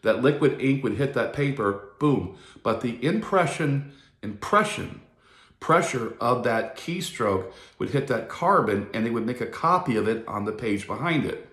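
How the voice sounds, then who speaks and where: A man's voice: medium pitch, animated, normal speed, a bit bright, reverberant. A man giving a rambling, profane casual monologue as a video host.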